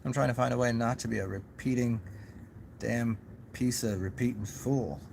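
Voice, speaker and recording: A young man vlogging from home at an ordinary pitch, thinking out loud in a loose, meandering way full of restarts and asides. A faint ambient hum sits under his voice. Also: steady tone, normal speed, gravelly. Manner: rambling, musing, many restarts and asides. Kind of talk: casual rambling monologue.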